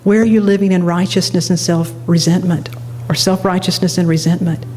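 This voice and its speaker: A middle-aged woman minister delivering a sermon, telling a personal story with animated delivery and laughing at herself. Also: fairly low pitch, brisk, a little hiss or hum.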